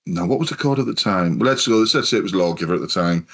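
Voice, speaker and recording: A man's voice: low-pitched, animated, rapid-fire. Rambling, swearing British man. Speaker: podcast host. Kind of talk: casual chat.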